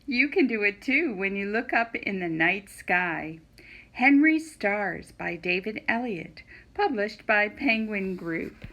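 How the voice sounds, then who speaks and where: Slow, gentle storytime librarian woman. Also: mid-range voice, expressive, muffled recording. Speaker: children's librarian. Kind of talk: reading a picture book aloud.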